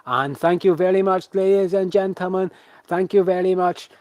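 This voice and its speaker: A man voicing a showy, bossy male circus ringleader, with a loud, high, theatrical delivery. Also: fairly even intonation, normal speed, smooth, no room sound, natural voice. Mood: showman flourish. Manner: grand and theatrical, then snapping.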